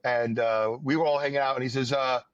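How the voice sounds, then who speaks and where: A man's voice: medium pitch, steady tone, a little fast, no room sound. Older new guy rambling thru old stories, lots of ums, dull lo-fi dry sound. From New York area, US. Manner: rambling, wry storyteller with many fillers. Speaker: podcast host. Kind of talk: casual chat, storytelling.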